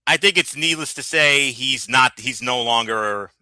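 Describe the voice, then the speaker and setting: Brief: male co-host, very bright tense tone, dry close sound, animated and stammering. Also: mid-range voice, a little slow, no room sound. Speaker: podcast co-host. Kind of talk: casual wrestling recap chat.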